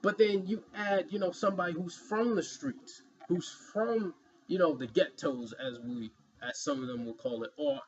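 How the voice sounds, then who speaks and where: A man's voice: a little high, normal speed, lo-fi sound, slight background noise. A man giving an emphatic, rambling opinion commentary, filled with "you know" asides. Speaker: vlogger.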